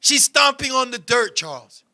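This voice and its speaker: A man hosting a show, telling animated, profane stories and often shouting as he talks. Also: very high-pitched, normal speed. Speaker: show host. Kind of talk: comedic storytelling chat.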